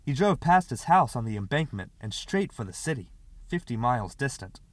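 A man's voice: medium pitch, very animated, moderate pace, no echo. Man reading a short story aloud. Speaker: audiobook narrator. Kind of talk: literary audiobook reading.

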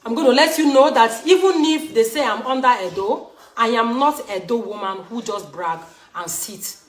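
A woman's voice: on the high side, normal speed. A woman from Edo State in Nigeria with a Nigerian English accent, talking heatedly and repetitively to her viewers as a show host. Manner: emphatic, scolding, repetitive. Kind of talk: heated live talk to viewers. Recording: roomy echo.

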